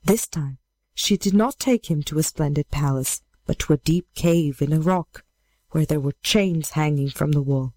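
A woman reads an old fairy tale aloud at a measured, steady pace. Her voice is low and mellow, and the close recording is dry with no room sound. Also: no room sound. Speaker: storyteller.

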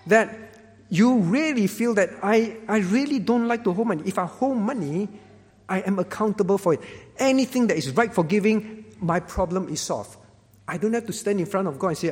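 A man preaching a sermon as pastor, earnest and pleading, rising at times to loud exclamations. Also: sits high. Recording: long hall reverb.

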